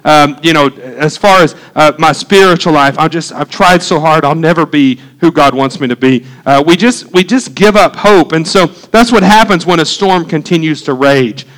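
High-voiced pastor preaching with humor. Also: male voice, normal speed, few pauses, fairly bright tone, poor audio. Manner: humorous, conversational preaching, acting out quotes. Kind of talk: sermon.

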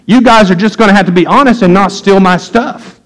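A middle-aged man preaching a sermon, telling folksy stories and getting animated when he quotes people. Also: high voice, fairly quick, low-quality recording. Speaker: pastor. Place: church.

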